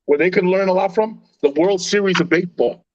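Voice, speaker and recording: A man hosting a casual sports podcast, telling stories in an animated, slangy way with plenty of swearing. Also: high-pitched, a little fast, highs cut off, slight background noise.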